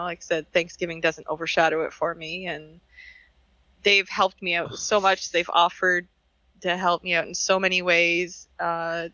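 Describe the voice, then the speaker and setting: A man's voice: high voice, pushed and bright, no echo, lo-fi sound. A man on a podcast talking earnestly and sentimentally about the people he is grateful for. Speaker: podcast co-host. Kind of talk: heartfelt casual podcast chat.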